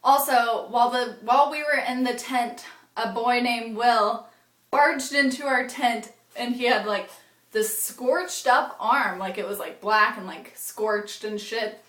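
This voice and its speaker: A young woman with a fairly high voice rambles through a casual vlog story, dropping "like" every few words and swearing freely. The recording has a noticeable roomy echo, as if she is talking in a bare room. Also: measured pace, fairly bright tone. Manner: rambling, frequent "like" fillers and swearing. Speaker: vlogger. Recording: echoey room.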